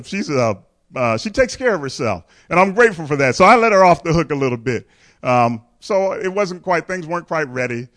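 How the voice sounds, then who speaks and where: A man's voice: on the high side, fairly bright tone. A man, a pastor, telling a candid, humorous personal story in a sermon, often chuckling and speaking directly to his congregation.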